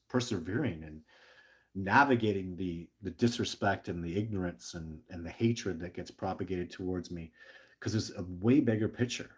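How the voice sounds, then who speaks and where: A middle-aged man with a low, husky voice chats casually on a livestream. He rambles with earnest passion, stammers and restarts his sentences, and reads viewer questions aloud. He sounds short on sleep. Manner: passionate and emotional. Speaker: livestream host.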